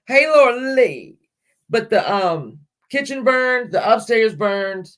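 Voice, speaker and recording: A woman's voice: a little high, expressive, slow pace. A middle-aged woman hosts a casual livestream, talking straight to her viewers. She rambles from one story to the next, laughs a lot and lets a mild swear word slip now and then. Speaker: livestream host.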